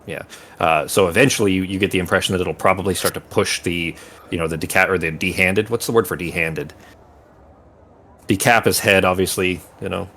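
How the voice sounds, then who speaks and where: A man's voice: deep voice, steady tone, fairly quick, fairly bright tone, a little hiss or hum. A man running a tabletop game as game master, rambling and searching for words while he describes scenes in vivid detail.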